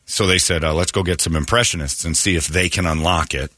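A man hosting a morning radio show, telling stories in casual banter and slipping into quick impressions. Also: low voice, dry recording. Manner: storytelling, animated, slips into impressions.

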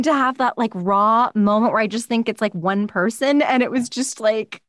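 A woman talks in a fairly high voice as an interview guest, bouncing through stories and slipping into the voices of the people she quotes. The sound is close and dry, from a home studio mic with almost no room in it. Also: quick pace, few pauses, dry recording. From United States. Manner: animated storyteller, acts out quoted voices. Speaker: guest voice actor. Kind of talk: casual interview chat. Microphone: studio microphone.

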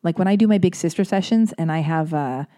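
A woman with a fairly low, mellow voice talks fast as she hosts a podcast. She goes through listener emails one by one, responding in a sincere, rambling manner peppered with fillers.

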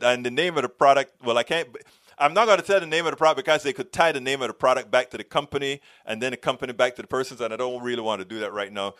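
A middle-aged man from Panama, with a Panamanian accent and a mid-range, slightly bright voice, hosts a political show. He goes through live-stream chat comments from viewers, rambling along with many restarts and stumbles.

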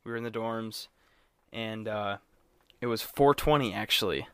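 A man's voice: on the low side, moderate pace, fairly bright tone, smooth, dry recording, clean studio sound. A young man co-hosting a podcast, telling a college story in casual chat, acting out quotes and swearing freely. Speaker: podcast co-host.

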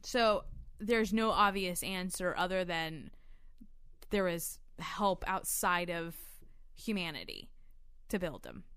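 A woman's voice: fairly low pitch, animated, takes it slowly, a bit bright, clear, resonant tone, no room sound. A young woman chatting casually as a podcast co-host, rambling, swearing freely and laughing often. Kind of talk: casual chat.

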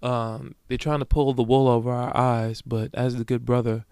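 Gravelly-voiced man hosting a solo podcast. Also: mid-range voice, flat delivery, moderate pace, a little mellow, no echo, studio quality. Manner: profane, brash and joking, addresses listeners directly. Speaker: podcast host. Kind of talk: casual solo monologue.

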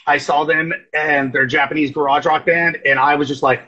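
A man with a high, husky voice talks loosely in casual chat. He strings stories together and acts out animated quotes. The recording sounds dull and lo-fi. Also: fairly quick. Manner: rambling storyteller, animated quotes. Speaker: guest.

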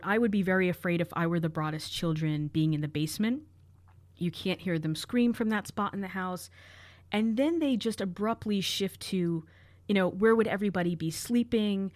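A woman's voice: lowish voice, moderate pace, no room sound. A woman co-hosting a true crime podcast, carefully analyzing and reading out quoted letters. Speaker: podcast co-host.

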